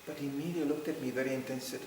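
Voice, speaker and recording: This is an anecdotal talk in which a middle-aged man recounts memories for a devotional gathering, very fast and in a mid-range voice. He laughs often and acts out quotes with liveliness, while background noise, strong echo, and a far mic color the recording.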